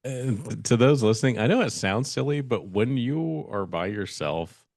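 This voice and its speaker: A man's voice: mid-range voice, lively intonation, normal speed, darkish tone, dry recording, clean studio sound. A man co-hosting a podcast, telling a spooky story in casual chat and acting out the dialogue with animation. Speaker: podcast co-host.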